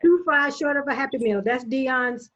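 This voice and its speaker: A woman telling a story in a casual group podcast chat, in an animated way. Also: sits high, moderate pace. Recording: dull lo-fi call audio.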